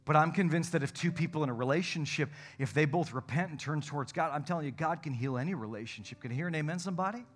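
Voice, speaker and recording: A man preaching a sermon and telling a personal story, swinging between loud and hushed delivery. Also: fairly high pitch, quick pace, few pauses. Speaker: pastor. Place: church service.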